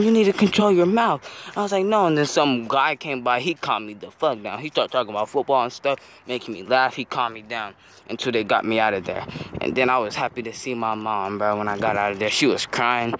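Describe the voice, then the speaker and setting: A man's voice: medium pitch, a little fast, a bit bright. Slangy teen guy outdoors by traffic. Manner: slangy, says "bro" after nearly every phrase. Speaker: storyteller. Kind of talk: casual storytime.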